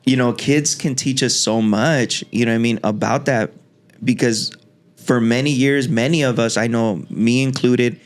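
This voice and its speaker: A man's voice: mid-range voice, fairly even intonation. A man hosting a podcast, talking reflectively in a casual conversation with many restarts. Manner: reflective, talks in halting restarts. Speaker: podcast host.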